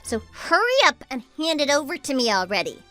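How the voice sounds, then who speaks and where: A woman voicing an entitled, demanding young sister-in-law who yells and bosses people around. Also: big pitch swings, brisk, faint music behind, exaggerated voice. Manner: demanding, shrill, yelling. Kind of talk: texting-story voice acting.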